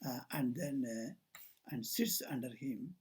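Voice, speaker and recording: A man's voice: medium pitch, a little slow, darkish tone, slightly rough. An older man, a monk, giving an informal spiritual talk indoors, telling stories and acting out the dialogue in them. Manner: storytelling, acts out quoted dialogue, digressive. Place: talk at a society house, indoors.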